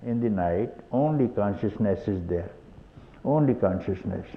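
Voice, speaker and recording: A man's voice: lowish voice, lively intonation, measured pace. An older man with an Indian accent giving a satsang talk as a spiritual teacher, chuckling often and asking rhetorical questions, on a tinny old tape with faint hiss. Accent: Indian English.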